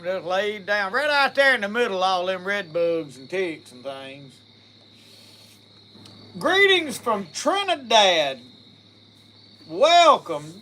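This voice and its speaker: Folksy Southern man, high bright voice. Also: slight background noise. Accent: Southern US (Mississippi). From Mississippi, US. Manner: folksy, rambling, laughs easily. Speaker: livestream host. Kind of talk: casual live-stream chat, reading viewer comments.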